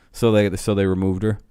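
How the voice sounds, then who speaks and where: A man's voice: low-pitched, flat delivery, moderate pace, dark tone, clean tone, no echo, clean studio sound. A young man ranting casually to his live-stream chat, swearing a lot, laughing often and getting heated.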